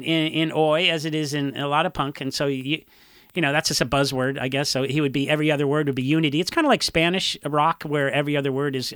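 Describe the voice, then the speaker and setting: A man's voice: on the high side, pushed and bright, dry recording, studio quality. A man talking casually as a podcast guest, telling rambling stories with fillers and laughs. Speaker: podcast guest, punk musician. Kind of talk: casual chat.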